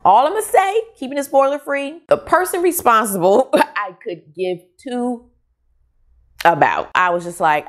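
A woman's voice: a little high, animated, normal speed. A middle-aged woman and mother giving a frank, exasperated book review in a casual vlog.

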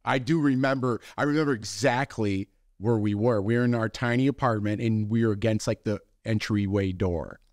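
A man's voice: normal speed, hardly any pauses, darkish tone, no room sound, clean studio sound. Easygoing man co-hosting a podcast. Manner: easygoing, laughs often, jumps up in pitch for quotes. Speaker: podcast co-host. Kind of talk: casual chat.

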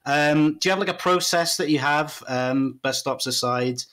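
A man's voice: on the high side, moderate pace, fairly bright tone. Welsh male host, casual chat, hesitant delivery with frequent fillers. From Wales. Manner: hesitant, many ums and uhs. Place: home in Cardiff.

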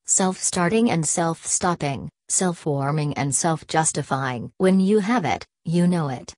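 A woman's voice: low voice, darkish tone, dry recording. A woman voicing an imperious older male college president who lectures with contempt and domineers.

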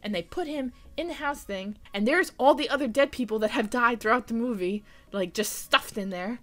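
A young woman giving an animated, casual movie recap, full of "like" and blunt, incredulous asides. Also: a little high, moderate pace. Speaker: vlogger.

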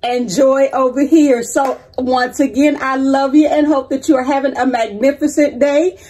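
A woman's voice: high-pitched, steady tone, normal speed, warm tone. A woman hosting a casual vlog, upbeat and uplifting, calling her viewers honey and sweetheart and cheering them on with faith-filled encouragement. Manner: sprinkles speech with endearments like honey and sweetheart. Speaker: vlog host.

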